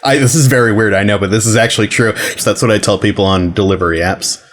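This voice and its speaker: A man with a lowish voice co-hosts a casual podcast, joking and laid-back. He joins over a remote line, with faint noise in the background. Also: fairly even intonation, fast. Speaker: podcast co-host.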